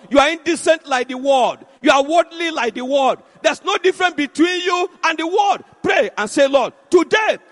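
High-voiced preacher guy yelling his sermon, lots of repeating, big echoey room. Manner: shouting, repetitive, exhorting. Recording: echoey hall.

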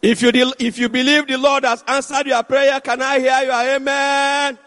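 A man preaching a sermon, shouting and exhorting the congregation with repeated phrases. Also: extremely high pitch, flat delivery, moderate pace. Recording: echoey hall.

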